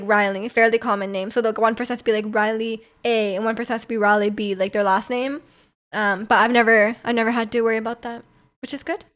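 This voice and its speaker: A young woman streamer chatting casually with her viewers, rambling with lots of fillers and restarts. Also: a little high.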